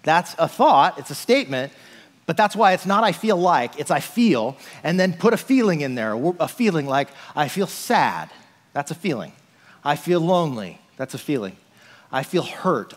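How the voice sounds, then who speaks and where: A man's voice: high-pitched, long reverb tail. A male pastor giving a conversational sermon, often asking "right?" and saying "like".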